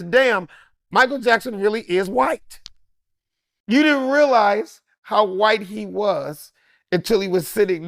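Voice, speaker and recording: High-voiced man telling a wild story. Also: creaky, no room sound, studio quality. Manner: lively, acts out every character's line. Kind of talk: animated storytelling.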